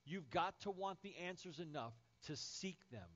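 Emphatic preaching man, lively pitch. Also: moderate pace, lo-fi sound. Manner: emphatic preaching with repeated phrases. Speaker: pastor. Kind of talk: sermon.

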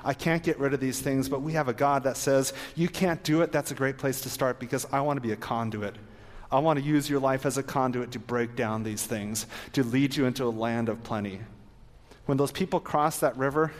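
Man, preacher, earnest exhorting sermon, long hall reverb. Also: mid-range voice. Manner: earnest, exhorting, ends in prayer.

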